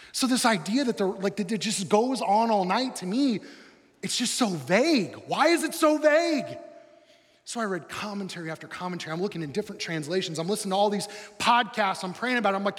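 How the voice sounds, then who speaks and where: Animated preacher in a reverberant hall. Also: male voice, brisk. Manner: animated, swings from loud excited bursts to quiet low intensity. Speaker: pastor. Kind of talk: sermon.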